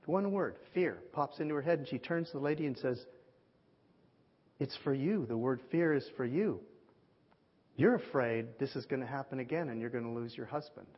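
A man's voice: mid-range voice, normal speed. Man preaching in a reverberant hall. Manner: animated storyteller, acts out quoted voices. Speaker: pastor. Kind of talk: sermon storytelling. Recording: dull lo-fi audio with long hall reverb.

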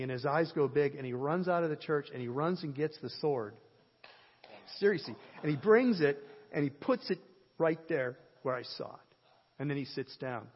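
A man preaching a sermon, telling a story in an animated way, with a husky voice. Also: a little high. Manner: animated, jokes and shouts at peaks. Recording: lo-fi sermon audio with long hall reverb.

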